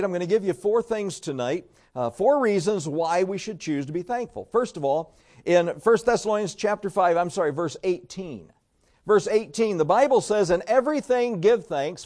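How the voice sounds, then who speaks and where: Man, preacher, high voice, folksy storytelling sermon. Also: a little mellow.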